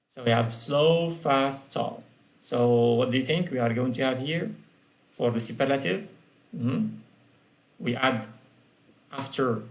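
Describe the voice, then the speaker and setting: Guy teaching english grammar, mid pitch, asks the class stuff then answers it, spells out the letters. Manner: asks questions of the learners and answers them himself; spells out word endings letter by letter. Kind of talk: grammar lesson.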